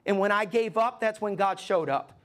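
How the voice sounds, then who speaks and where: A man's voice: high voice, moderate pace, fairly bright tone. A man, a lead pastor, telling a personal story in a sermon with conversational rhetorical questions and emotional pleading.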